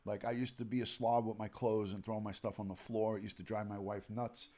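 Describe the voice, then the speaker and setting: A man's voice: on the low side, flat delivery, fairly quick, warm tone. A man in his forties with a New York accent, a retired detective hosting a rambling late-night live stream from home, chatting and greeting viewers by name. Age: 40s. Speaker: livestream host, retired detective. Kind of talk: casual live-stream chat.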